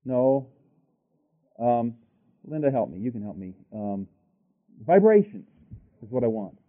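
A man preaching a sermon, reading scripture aloud and thinking aloud between verses with halting restarts. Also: medium pitch, sing-song. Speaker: pastor. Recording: tinny lo-fi sermon tape.

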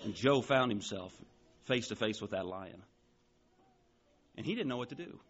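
A man in his forties preaching a sermon, telling a story with animated emphasis. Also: fairly low pitch, moderate pace, muffled recording. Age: 40s. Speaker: pastor.

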